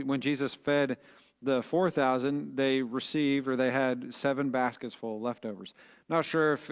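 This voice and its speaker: A middle-aged man, preaching a short devotional sermon in an earnest, conversational way, with fillers and restarts. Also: a little high. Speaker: pastor.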